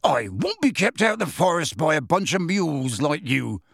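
A man voicing a big, gruff gamekeeper who answers testily and bluntly. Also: on the high side, big pitch swings, unhurried, no room sound, studio quality, voice pushed up, heavily acted. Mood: angry. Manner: testy, scathing, blunt.

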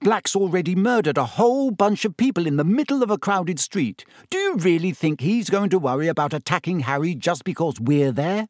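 A male narrator lifts his voice into a bright, eager schoolgirl who knows her books and scolds her friends without hesitation. Her lines jump up high and bounce with lively swings, recorded close and dry for an audiobook. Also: brisk, hardly any pauses, no echo. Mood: scolding. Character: keen bookish schoolgirl, eager and bossy. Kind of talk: audiobook character voice.

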